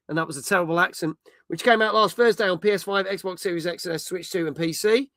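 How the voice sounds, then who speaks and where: A man's voice: high-pitched, fast, pushed and bright, dry recording, studio quality. A middle-aged man hosting a casual gaming chat, reading out viewer comments and swearing freely. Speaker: host.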